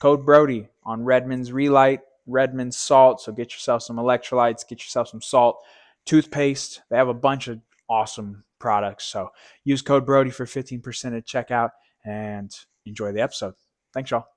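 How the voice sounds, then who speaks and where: A man hosting a podcast in relaxed, friendly casual chat. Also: medium pitch, normal speed. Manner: relaxed, friendly, reads an ad read. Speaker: podcast host.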